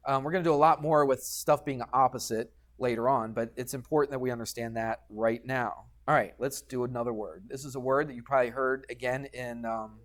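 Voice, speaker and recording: A man's voice: medium pitch, fairly even intonation, fairly quick, few pauses. A man teaching a geometry lesson in a classroom, patient and chatty, often checking in with the students. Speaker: high school math teacher.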